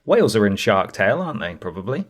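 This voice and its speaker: A man's voice: on the low side, fast, slight background noise. A man co-hosting a comedy podcast, teasing and joking in casual chat. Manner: jokey, teasing, animated. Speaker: podcast co-host.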